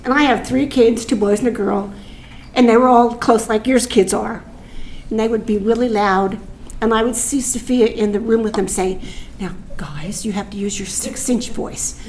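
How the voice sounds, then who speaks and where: A woman speaks at a memorial gathering, sharing funny family stories as the departed's aunt. Her voice sits a little high. She talks into a handheld microphone in a room with a faint hum of people behind her. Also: steady tone, normal speed. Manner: warm, humorous storytelling with laughter. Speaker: aunt giving a eulogy. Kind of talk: storytelling at a memorial.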